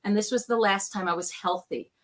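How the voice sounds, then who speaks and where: A woman speaks in a bright, forceful voice as she tells her stories. She acts out the people in them as she goes, in a casual, chatty way. She sounds like a guest on a video call. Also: mid-range voice, brisk. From New York. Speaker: guest, psychic medium. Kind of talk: casual storytelling interview.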